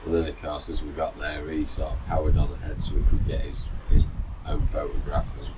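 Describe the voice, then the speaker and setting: A middle-aged man with a remarkably deep voice tells his story in a loose, rambling way, stopping and restarting as he goes. He is picked up from a distance by the mic, out on a balcony with steady outdoor noise around him. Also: a little fast. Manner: rambling, chatty, full of fillers and restarts. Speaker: runner vlogger. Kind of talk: casual storytelling.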